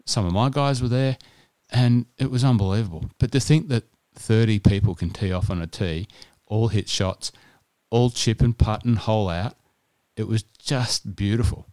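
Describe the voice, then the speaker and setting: A man's voice: lowish voice, moderate pace, hardly any pauses, darkish tone, no room sound. An Australian man co-hosting a podcast, telling stories in casual chat with frequent restarts. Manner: chatty storytelling with restarts. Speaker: podcast co-host.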